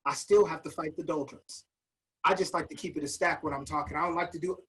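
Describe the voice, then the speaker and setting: A man's voice: high-pitched, fairly bright tone, rough recording. A man leading a virtual motivational master class, emphatic and repeating his key phrases like a preacher, speaking over a video call.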